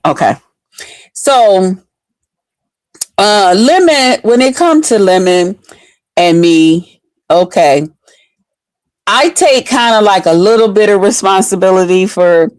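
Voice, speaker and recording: Recorded dry, this woman has a mid-range voice and hosts online commentary. She talks directly to her audience in a chatty, blunt, profane way, holding nothing back.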